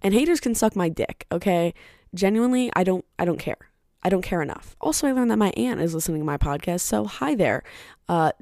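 A woman's voice: on the low side, gravelly, darkish tone, no echo, studio quality. A young woman hosting her own podcast, talking casually in a candid, blunt way, swearing often and wandering into side remarks. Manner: chatty and rambling, with side remarks. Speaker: podcast host.

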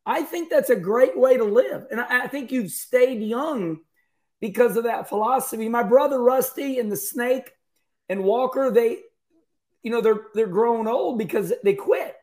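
A man hosting a casual conversation, speaking earnestly and admiringly in quick bursts. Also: very high voice, darkish tone. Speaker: host.

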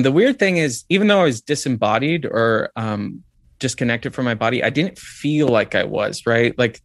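A man's voice: medium pitch, dry recording. A man as an interview guest, telling a personal story in a reflective way, with many "like"s and "um"s. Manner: reflective, lots of "like" and "um".

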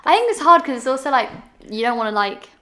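A woman's voice: sits high, very animated, fast, bright, forceful tone. A young woman hosting a podcast in casual chat, chatty and giggly with lots of fillers. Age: young adult. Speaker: podcast host.

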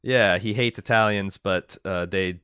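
A man co-hosting a podcast in casual chat, recapping an episode and reading listener mail, with halting speech full of fillers and restarts. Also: deep voice, pushed and bright, clear, resonant tone, dry recording, clean studio sound. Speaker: podcast co-host.

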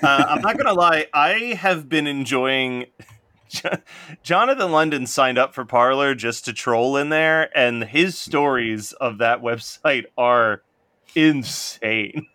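A man co-hosting a podcast in casual chat, laughing often and mimicking people in high voices. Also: slow pace, bright, forceful tone, no room sound. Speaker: podcast co-host.

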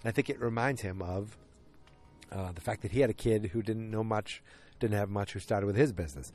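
A man's voice: on the low side, fairly quick, darkish tone, soft background music. A man casually recapping a TV episode, rambling and often interrupting himself. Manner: rambling, self-interrupting storyteller.

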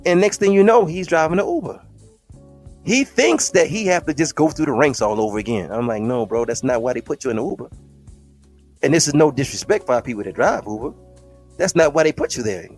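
A man's voice: on the high side, very animated, fairly quick, soft background music. A man hosting a podcast, delivering an impassioned, preachy monologue full of slang and often calling listeners beloved. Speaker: podcast host.

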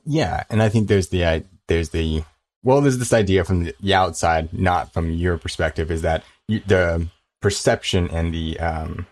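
Deep-voiced podcast host, animated. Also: male voice. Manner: animated, quick, laughs easily. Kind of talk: casual conversation.

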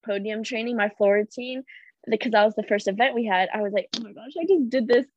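Young female guest with bright, bubbly energy who acts out her reactions. Fairly high voice on a dry, muffled recording. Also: fast, dry recording. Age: young adult. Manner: bubbly, acts out quoted reactions, frequent "like" fillers. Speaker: guest, Olympic gymnast. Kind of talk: casual storytelling chat. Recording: dull, dry lo-fi audio.

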